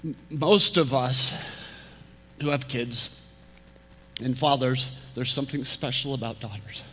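Male preacher with a bright, forward tone, telling a story in his sermon and dropping to a hush for emphasis; reverberant church room. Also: mid-range voice, measured pace, slight background noise. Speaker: pastor. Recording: reverberant hall.

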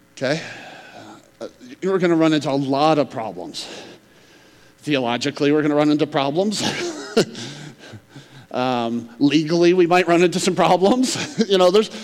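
Dramatic male preacher in a reverberant hall. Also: mid-range voice. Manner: dramatic, swings between emphatic loud stretches and hushed near-whispers. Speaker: pastor. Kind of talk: sermon.

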